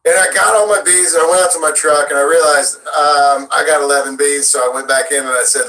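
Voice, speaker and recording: A man who is a guest voice actor, chatting casually in an interview and telling lively stories with frequent laughter. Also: on the high side, fast, few pauses, low-quality recording. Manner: animated storyteller, laughs often.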